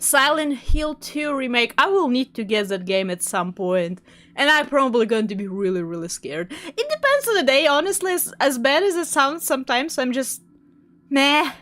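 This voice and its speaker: A young woman streamer with a high voice, commenting on her game live. Her voice swoops up and down a lot, and she is excitable and jumpy, laughing often as she plays. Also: moderate pace.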